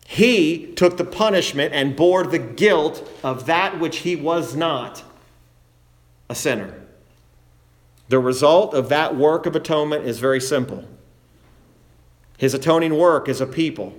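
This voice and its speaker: Male preacher, verse-by-verse sermon; emphatic, slows for stress, quotes old-style scripture. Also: a little high. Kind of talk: expository sermon.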